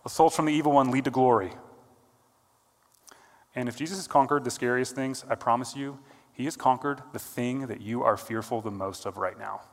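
Pastor guy preaching, earnest, gets loud then drops soft, lots of hall echo. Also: medium pitch, moderate pace. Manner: earnest, builds to emphatic peaks then drops quiet. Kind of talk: sermon. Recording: long hall reverb.

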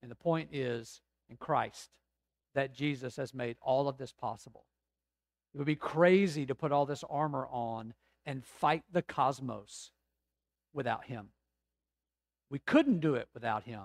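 A man preaching a sermon as pastor, rising to emphatic swells and dropping to slow, quiet reflection. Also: mid-range voice, no echo.

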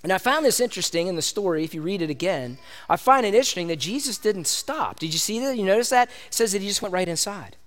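A man preaching a sermon in a casual, animated way, calling his listeners "gang". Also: high-pitched, fast talker. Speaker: pastor.

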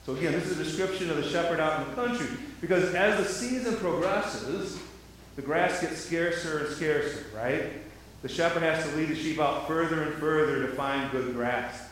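A man's voice: fairly high pitch, moderate pace, fairly bright tone, a little hiss or hum. A man preaching a sermon as pastor, often repeating words and asking the listeners rhetorical questions. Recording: very echoey hall, mic at a distance.

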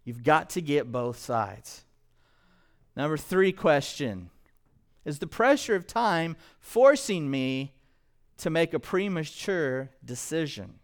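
A male pastor preaching a sermon to a congregation, animated and quizzing the listeners with questions. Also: a little high, takes it slowly. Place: church, in front of a congregation.

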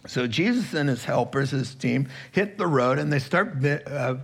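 A male pastor preaching a sermon, animated and chuckling, acting out quotes as he goes. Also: mid-range voice, normal speed, gravelly, husky.

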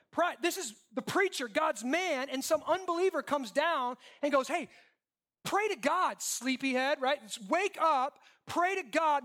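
High-voiced man preaching a sermon. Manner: conversational, asks the crowd questions; animated, swings between loud and hushed. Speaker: pastor.

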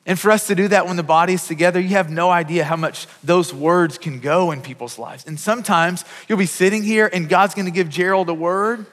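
A man's voice: high voice, a little fast, hardly any pauses, a bit bright. A man in his thirties preaching a conversational sermon as pastor, often repeating words and restarting his phrases. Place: church sanctuary. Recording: long reverb of a large hall.

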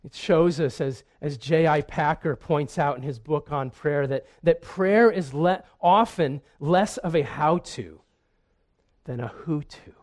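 A man's voice: on the high side, unhurried, darkish tone. A man preaching a sermon in an earnest way, often repeating a word as he restarts. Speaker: pastor.

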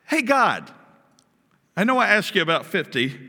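A man's voice: high voice, big pitch swings, moderate pace, bright, forceful tone, exaggerated voice. Humble elderly pleader, put on by a male preacher, earnest, echoing hall. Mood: pleading. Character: humble elderly man bargaining with God.

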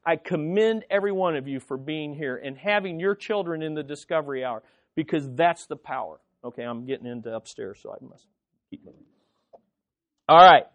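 Preaching with dramatic emphasis, this pastor asks the congregation rhetorical questions and calls out for amens. The mid-range voice alternates between forceful, loud passages and quiet, hushed moments.

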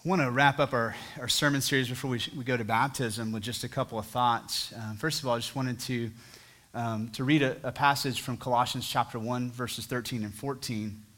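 A man's voice: mid-range voice, fairly even intonation, a little fast, a bit bright. A man in his thirties preaching a sermon as a church pastor, earnest and telling stories with dramatic voiced quotes. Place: church sanctuary.

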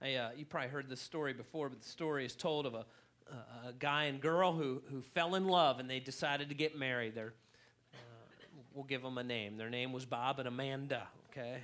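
A man preaching a sermon to a church congregation, telling a funny story in an animated way and getting louder for emphasis. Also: medium pitch, fairly quick. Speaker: pastor. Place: church hall.

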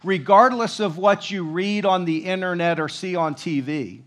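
A man's voice: high-pitched, moderate pace, fairly bright tone. A man preaching a sermon, reading scripture aloud and commenting with emphatic declarations.

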